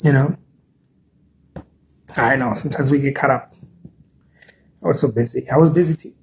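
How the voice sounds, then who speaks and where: A man's voice: mid-range voice, moderate pace, creaky, a little mellow, a little hiss or hum. Earnest man chatting on a live stream. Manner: chatty, repeats words, answers viewer comments; encouraging, earnest. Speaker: artist hosting a live stream. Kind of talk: casual live-stream talk.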